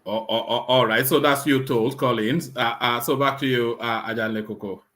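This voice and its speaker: A man's voice: mid-range voice, fairly even intonation, a bit bright. A man moderating a casual political discussion, interjecting and handing turns to speakers. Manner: quick, interjecting, hands turns over.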